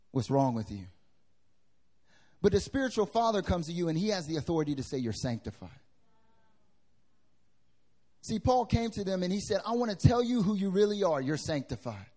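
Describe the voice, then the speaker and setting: High-voiced lively male preacher. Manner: lively preaching with wide swings in pitch and loudness, casual slang. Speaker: pastor. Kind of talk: sermon. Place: church hall with congregation.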